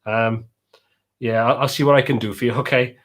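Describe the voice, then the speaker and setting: A man's voice: mid-range voice, steady tone, normal speed. A man with a Welsh accent, casually chatting as host of a live stream and reading out viewers' comments.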